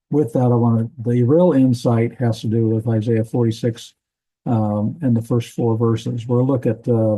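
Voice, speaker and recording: Guy teaching a bible language class, super mellow dark voice, easygoing, lots of ums. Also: mid-range voice, low-quality recording. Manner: relaxed, explanatory, with fillers. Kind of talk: classroom lecture.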